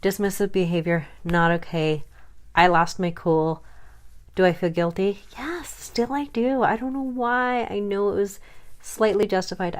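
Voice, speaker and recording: A woman's voice: mid-range voice, a little slow. A woman frankly venting about being dismissed, heated and self-conscious in turn. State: chronically ill. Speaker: vlogger. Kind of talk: personal rant to camera.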